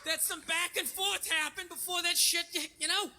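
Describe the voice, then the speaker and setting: A man doing stand-up comedy on stage, ranting in an exasperated way and yelling back at the crowd. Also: very high voice, steady tone, normal speed, slight background noise. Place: stage of a live comedy special.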